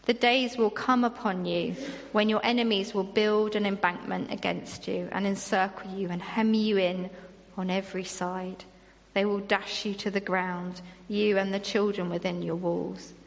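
A woman's voice: medium pitch, fairly even intonation, moderate pace, gravelly, long reverb tail. A woman preaching a sermon in an earnest manner, reading scripture aloud between her own remarks.

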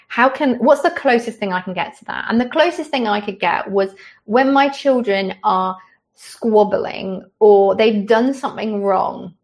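A woman preacher delivering a sermon in an earnest, gentle, conversational way, ending in prayer. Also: fairly high pitch, gravelly.

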